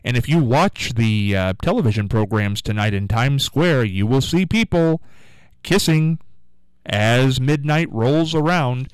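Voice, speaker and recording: Man, radio host, chatty, rambling, smooth resonant voice, dry studio sound. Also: medium pitch, expressive, measured pace, dry recording, rough recording. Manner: chatty and rambling, repeats the call-in number. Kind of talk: call-in radio show chat.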